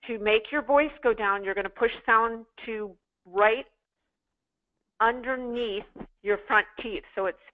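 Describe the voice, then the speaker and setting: A woman's voice: a little high, a little slow. A woman teaching a sales class to callers, coaching them in emphatic drills and repeating phrases for practice. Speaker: sales trainer. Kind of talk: interactive online class. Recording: tinny phone-like line.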